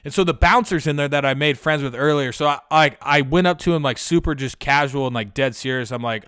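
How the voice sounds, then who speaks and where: A man's voice: on the high side, a little fast, hardly any pauses, fairly bright tone, clear, resonant tone, no room sound, studio quality. A young man hosting a podcast, telling a long profane story in a loose, rambling way with lots of filler words. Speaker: podcast host. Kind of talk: casual storytelling.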